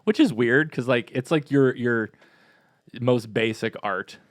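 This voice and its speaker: A man co-hosting a parish podcast in a casual, chatty and upbeat way, with quick asides. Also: medium pitch, no room sound, studio quality. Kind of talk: casual chat.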